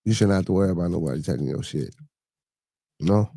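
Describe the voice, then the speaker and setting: This low, gravelly, dark voice moves fast with lively intonation and no echo. Hosting a relaxed podcast live stream, the man reads chat and talks back to viewers in easygoing slang.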